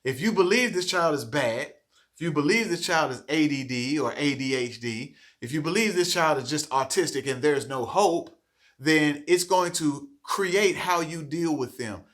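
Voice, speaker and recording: A man's voice: on the high side, expressive, moderate pace, a bit bright. Earnest man coaching teachers. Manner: earnest, coaching, frequent "okay?" check-ins. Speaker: trainer of childcare teachers. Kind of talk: staff training talk.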